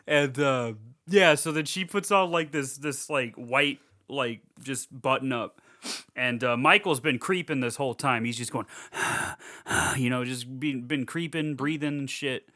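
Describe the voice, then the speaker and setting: A man's voice: medium pitch, pushed and bright, no echo, studio quality. A man co-hosting a podcast, casually recapping a horror film, swearing, laughing, and acting out the characters' lines. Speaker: podcast co-host. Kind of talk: casual movie recap chat.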